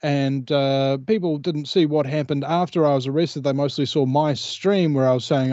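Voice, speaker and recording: A man's voice: a little high, steady tone, moderate pace, few pauses, darkish tone, dry recording. New man, dull lo-fi call. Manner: rambling storyteller, many hesitations. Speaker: guest. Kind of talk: casual interview chat.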